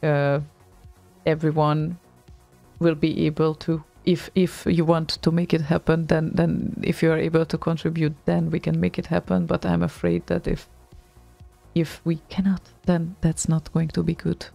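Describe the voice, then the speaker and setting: A woman's voice: low voice, level tone, moderate pace, vocal fry, warm tone, soft background music. A woman co-hosting an online radio show, chatting casually with a hesitant, laughing manner.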